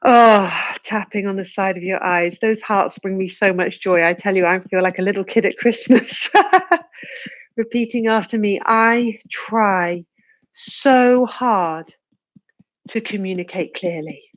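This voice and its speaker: A woman guides viewers through a tapping routine in a slow, soothing voice, letting out sighs and yawns as she goes. She sits at a middle pitch. The sound is dull and lo-fi, like a live stream picked up by a webcam mic. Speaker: tapping practitioner leading a live session.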